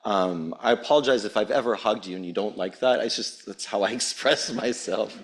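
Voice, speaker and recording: A man speaking as a rapporteur at a conference, heartfelt and impassioned, with pauses between phrases. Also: lowish voice. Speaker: UN special rapporteur giving a speech. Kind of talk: earnest public speech. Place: conference hall.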